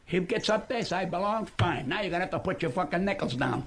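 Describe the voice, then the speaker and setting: A man's voice: high-pitched, fast, gravelly. A man in his seventies, a comedian guest on a radio show, telling stories in a brash, profane, lecturing way. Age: 70s. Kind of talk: radio interview storytelling. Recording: archived radio clip with steady hiss.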